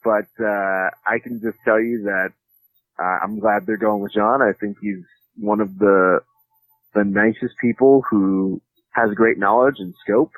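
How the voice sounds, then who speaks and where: A man's voice: fairly low pitch, fairly even intonation, a little slow, no room sound, low-quality recording. A man guest in a casual interview, joking and rambling with frequent fillers. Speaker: podcast host and jiu-jitsu commentator, guest.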